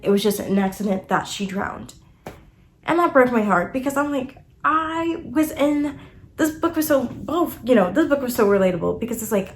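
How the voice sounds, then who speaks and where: Young woman, book reviewer, casual chat delivery, emotional and animated. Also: a little high, a little hiss or hum. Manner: emotional and animated, many fillers like "like" and "you know".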